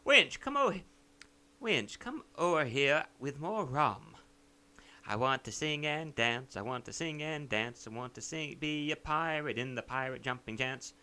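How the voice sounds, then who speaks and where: A man's voice: mid-range voice, expressive, measured pace, pushed and bright, clean tone, exaggerated voice. A man voicing a rowdy, drunken sailor in a video game, in a boisterous, hammy pirate voice. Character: rowdy drunken male sailor calling for rum.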